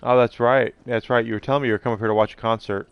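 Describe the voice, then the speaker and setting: A man's voice: mid-range voice, fairly even intonation, very fast, clean tone, dull audio. A middle-aged man streaming live, rambling casually and answering his viewers' chat messages.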